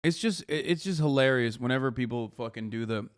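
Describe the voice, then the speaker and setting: A man's voice: mid-range voice, a little fast, smooth. A man hosting a live stream, ranting casually and heatedly at his chat, swearing often and mocking his critics in put-on voices. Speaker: streamer host. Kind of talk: casual political rant to chat.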